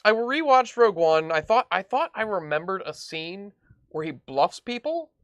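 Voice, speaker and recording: A man's voice: high voice, sing-song, normal speed, fairly bright tone, no echo. A man chatting casually on a podcast, making joking asides. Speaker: podcast co-host. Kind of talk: casual chat.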